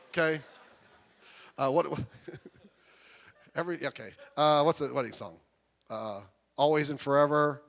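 A man preaching a sermon, telling jokey, animated stories that build up to loud emphasis. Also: a little high, moderate pace, long pauses, long reverb tail. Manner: animated storytelling with jokes, rising to loud emphasis. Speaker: pastor.

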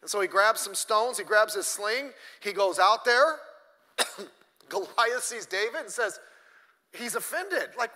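In a church with long hall reverb, a middle-aged male pastor tells a story during his sermon, acting out the characters' lines and dropping blunt, joking asides. His voice is high, animated, and sharp, at a measured pace, and he coughs now and then.

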